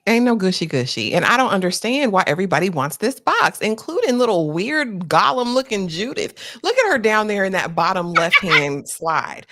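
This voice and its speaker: A woman making lively, mocking remarks about characters in a TV show. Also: medium pitch. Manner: lively, mocking, quick asides. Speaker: panelist on a live TV breakdown stream. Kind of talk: casual slangy commentary.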